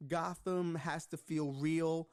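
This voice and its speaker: Male podcast guest, slightly raised pitch, relaxed and agreeable. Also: slow pace. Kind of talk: casual movie review chat.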